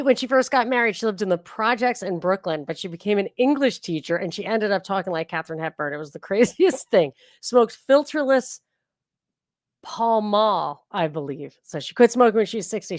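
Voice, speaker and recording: A woman's voice: mid-range voice, lively intonation, a little fast, no echo. A woman podcast host talks casually through a book, chatty and rambling, often restarting her sentences. Her voice sits in a medium range. The recording is close and dry. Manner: chatty and digressive, with frequent restarts. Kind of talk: casual book reading and discussion.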